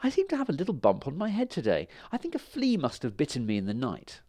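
A man's voice: medium pitch, sing-song, moderate pace, no echo, clean studio sound, lightly acted. A man voicing a poor but clever woodcutter who tricks a dragon with sly, bold talk. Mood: cheeky.

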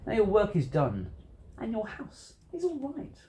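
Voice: medium pitch, wildly swooping pitch, measured pace, mellow, roomy sound, slight background noise, voice pushed up. A reader voicing a cheerful, boastful trickster cat who wears a hat, in singsong rhymes. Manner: singsong rhyming delivery.

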